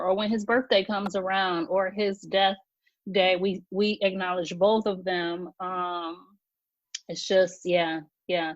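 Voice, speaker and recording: A woman guest on a podcast interview, sharing a personal loss in a halting way. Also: on the low side, little pitch movement, dry recording, highs cut off.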